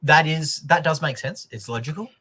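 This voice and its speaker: A man's voice: on the high side, normal speed, sharp tone, husky. A man with an Australian accent, co-hosting a news comedy livestream in casual chat, joking and swearing freely.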